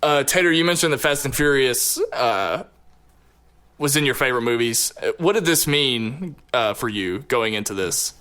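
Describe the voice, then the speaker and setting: A man hosting a casual movie podcast, laughing often and jumping between quick asides. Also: medium pitch, lively intonation, bright, forceful tone, clear, resonant tone. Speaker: podcast host. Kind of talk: casual chat.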